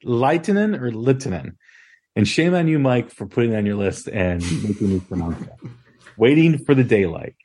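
A man hosting a casual music podcast, talking in a relaxed, rambling way with many ums and restarts. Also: lowish voice, slightly rough. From Chicago area. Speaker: podcast host.

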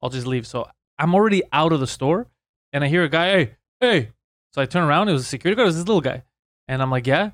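A man's voice: a little high, lively intonation, fast talker, fairly bright tone, dry recording, clean studio sound. A man, talking in a casual podcast chat as a brash, profane storyteller who laughs often.

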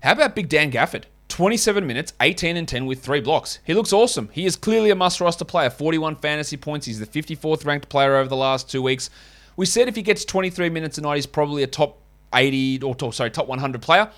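A man's voice: fairly high pitch, fairly bright tone. Man, podcast host, casual and wry, rambling asides. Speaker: fantasy basketball podcast host. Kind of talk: casual podcast chat and host-read ads.

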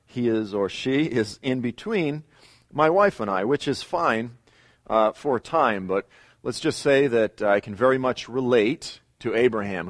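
A middle-aged man with a lowish voice gives a Bible lesson. He retells the scripture story with pauses and emphatic repeats. The sound is close and dry, with no room echo. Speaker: Bible teacher. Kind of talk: teaching lecture.

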